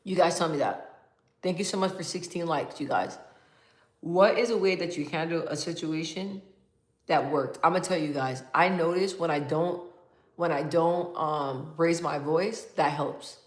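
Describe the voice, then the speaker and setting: A woman hosting a casual livestream, reading viewer comments aloud and talking in a calm, even tone with lots of fillers and frequent laughs. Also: deep voice, measured pace, roomy sound. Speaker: livestream host.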